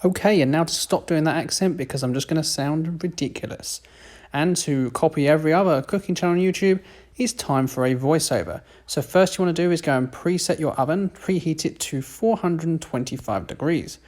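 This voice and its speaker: A man's voice: fairly high pitch, a little fast, a little mellow. A British man giving a casual, self-deprecating voiceover for a home cooking video. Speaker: cooking vlogger.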